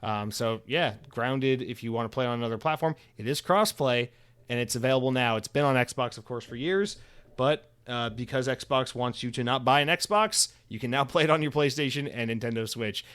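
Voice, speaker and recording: A man's voice: medium pitch, moderate pace, a bit bright, clean tone. A man in his thirties hosting a solo podcast alone, rambling casually with sarcastic, profane asides.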